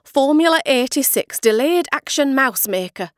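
A woman voicing a kind elderly grandmother in a storybook reading, speaking with careful warmth. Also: high voice, lively intonation, moderate pace, dry recording, clean studio sound, voice pushed up. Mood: relieved. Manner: warm, careful reading aloud.

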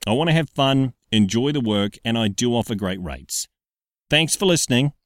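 A man's voice: mid-range voice, lively intonation, moderate pace, dry recording, studio quality. A man presenting his own voiceover demo reel in an upbeat, bouncy manner. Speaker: voiceover artist.

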